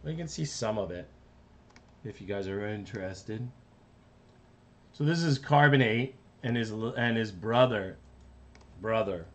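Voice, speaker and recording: An animator chats casually on a live stream as he works, rambling and talking to himself. His voice is lowish and fairly bright, at a measured pace with long pauses.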